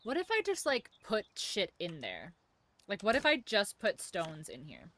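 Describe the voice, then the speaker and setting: A woman's voice: mid-range voice, wildly swooping pitch, unhurried, a bit bright, a little hiss or hum. A woman live-streaming a game, chatting in a rambling, jokey way and swearing casually as she plays. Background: game music.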